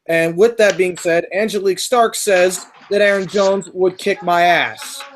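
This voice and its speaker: A young man hosting a casual podcast, rambling and filling pauses as he reads questions and tells stories. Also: sits high, a little hiss or hum. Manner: rambling, many fillers and restarts. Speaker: podcast host.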